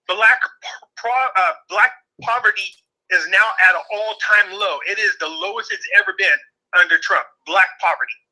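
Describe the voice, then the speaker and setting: A male caller joins a live show, and his voice is high for a man and very bright and sharp. He jokes and banters, and he pushes his points with excited emphasis. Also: poor audio. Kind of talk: casual call-in banter.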